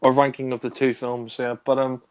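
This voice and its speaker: A man's voice: medium pitch, little pitch movement, a little fast, a little mellow, a little hiss or hum. A man co-hosting a casual film discussion, rambling with many fillers, laughing and swearing. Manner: mimics characters in raised voice. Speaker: film review co-host.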